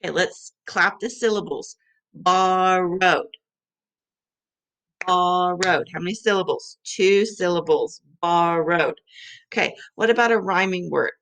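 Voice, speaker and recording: A woman's voice: fairly low pitch, a little slow, a bit bright. A woman teacher giving a patient vocabulary lesson for young children, sounding out letters and clapping syllables.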